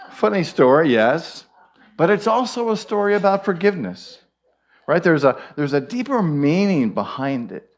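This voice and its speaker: A man, a minister, giving a sermon and telling a joke in an unhurried storytelling way. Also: on the high side.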